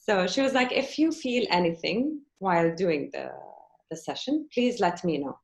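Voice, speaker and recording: Woman, slightly low voice, chatty storyteller, acts out dialogue. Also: normal speed, creaky. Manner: animated, acts out quoted dialogue. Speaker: podcast guest. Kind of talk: personal storytelling in conversation.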